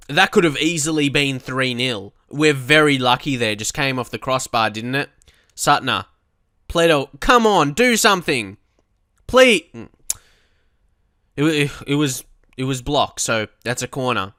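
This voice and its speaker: Excitable young man commentating his own game. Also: medium pitch, no echo, studio quality. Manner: excitable, swings into frustrated outbursts and swearing. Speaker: gaming commentator. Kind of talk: live match commentary while playing.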